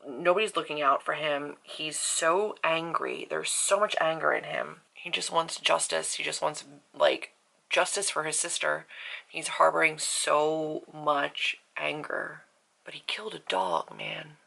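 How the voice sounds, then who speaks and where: Woman author vlogging her reading, low gravelly voice with a bright edge, emotional and rambling. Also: animated, unhurried, low-quality recording. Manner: emotional, rambling reactions with many fillers. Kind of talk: casual reading vlog.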